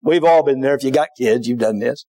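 A man preaching a sermon in a church, dropping to a hush and then rising to shouts, with folksy asides to the congregation. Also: mid-range voice, a little fast. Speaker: pastor. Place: church sanctuary.

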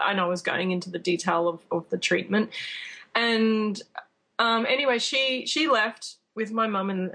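A woman telling a story in casual chat, animated and laughing, acting out what people said. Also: medium pitch. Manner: animated, acts out quotes, laughs often.

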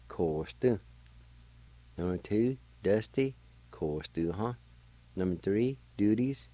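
A man's voice: low-pitched, dark tone, low-quality recording. A man teaching a language lesson on the radio, patiently spelling words letter by letter and sounding them out.

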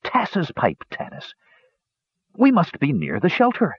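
A man voicing a solemn, steady grown knight who answers in measured, quiet words. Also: on the high side, husky, no room sound, highs cut off, pitched above the performer's own voice, heavily acted.

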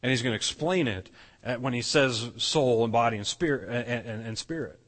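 A man's voice: medium pitch, normal speed, fairly bright tone, in a large hall. A man preaching a sermon as pastor, earnest, often restarting and repeating words as he explains. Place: church sanctuary.

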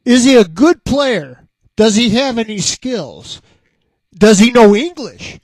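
High-voiced man ranting slowly and profanely. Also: lively intonation, a little mellow. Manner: mocking, drawn-out repeated questions. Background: faint guitar playing.

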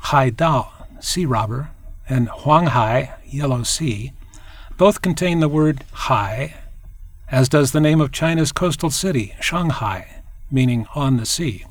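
A man narrating a scripted language lesson, explaining clearly and demonstrating tones. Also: mid-range voice, lively intonation, takes it slowly, no echo.

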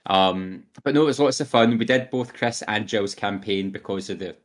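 Young male podcast co-host, casual rambling storyteller, slightly low pitch. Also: normal speed. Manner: chatty and rambling, quoting game lines in put-on voices. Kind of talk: casual chat.

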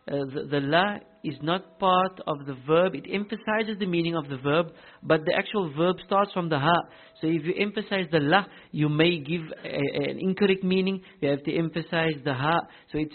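A man explaining a Quran recitation text to a class, carefully pronouncing the Arabic terms and often restarting his sentences. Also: fairly high pitch. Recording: tinny phone-like recording.

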